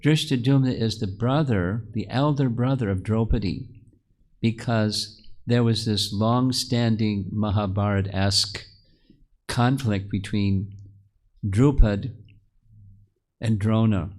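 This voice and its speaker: Male spiritual teacher, lowish voice, narrates scripture stories to a group and asks them questions. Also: slow, long pauses, a little mellow. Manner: storytelling, asks the audience questions; restarts and repeats words often. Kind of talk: scripture class to a live group.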